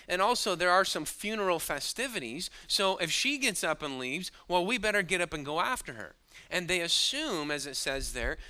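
Male pastor, earnest expository preaching, bright forward voice. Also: on the high side. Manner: earnest teaching, retelling scripture scenes. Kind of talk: expository sermon.

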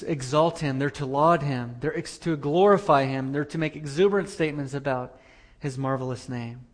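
A man preaching a sermon as pastor, earnest, repeating phrases for emphasis. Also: a little high.

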